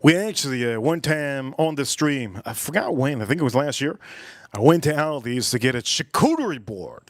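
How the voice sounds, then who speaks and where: A man's voice: mid-range voice, expressive, moderate pace, dry recording, studio quality. Rambling, playful man on a livestream. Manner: rambling and playful, repeating catchphrases like "yes, yes". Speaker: livestream host. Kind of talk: casual livestream chat while cooking and tasting whiskey.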